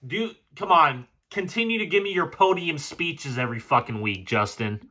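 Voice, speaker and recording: A man's voice: a little high, lively intonation, normal speed, sharp tone. Sarcastic, swearing man breaking down game film. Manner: frustrated, sarcastic, swears often. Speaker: football film breakdown host. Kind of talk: casual play-by-play film commentary.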